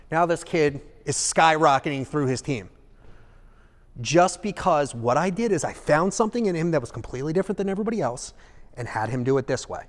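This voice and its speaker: A man giving a live seminar talk in an animated way, acting out examples and checking in with the audience. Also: mid-range voice, big-room sound. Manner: animated, acts out examples, asks the audience "okay?". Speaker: seminar speaker.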